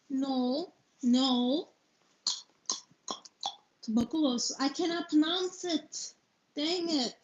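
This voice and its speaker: Young woman, livestream reader, halting, spells out words, mellow tone, dull lo-fi audio. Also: fairly high pitch. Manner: halting reading with stumbles and self-corrections; spells out hard words letter by letter. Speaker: livestreamer reading a book aloud. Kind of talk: casual live-stream reading. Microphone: low-quality setup.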